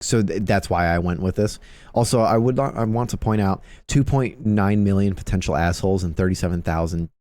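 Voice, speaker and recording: A man's voice: low voice, fairly quick, no room sound. A young man hosting a live stream, chatting casually and reading forum posts aloud, with plenty of swearing. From Filipino heritage. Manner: animated storyteller, swears a lot, acts out quotes loudly. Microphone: close streaming mic.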